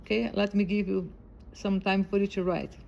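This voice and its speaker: A woman teaching a piano ear training lesson, speaking slowly and patiently and repeating each comparison of high and low notes. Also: level tone, creaky, background noise. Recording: loud piano playing behind the voice.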